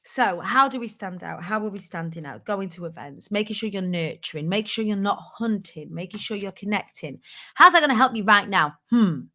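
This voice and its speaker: A woman talks straight to her audience in a loose, motivational style, with a forceful edge to her voice. She is candid and playful and swears casually as she coaches her viewers. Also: mid-range voice, animated, moderate pace. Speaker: host of a business tips show.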